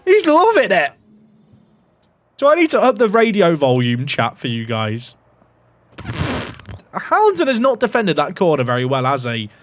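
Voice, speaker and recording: A man giving excitable, jokey commentary while playing a racing management game, swinging between hype and quiet muttering. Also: a little high, normal speed, no room sound. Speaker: gaming YouTuber.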